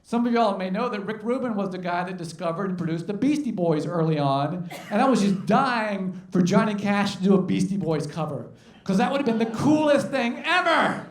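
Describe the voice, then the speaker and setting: Man, high-voiced stand-up comic, folksy, self-deprecating, roomy stage sound with guitar. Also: animated, normal speed. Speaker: stand-up comedian. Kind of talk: stand-up with song parodies on guitar. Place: comedy club stage. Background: acoustic guitar.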